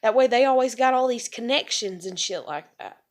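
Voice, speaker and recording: High-voiced woman ranting angrily. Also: lively intonation, brisk. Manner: angry, profane ranting with sighs. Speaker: vlogger. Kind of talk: venting monologue to camera.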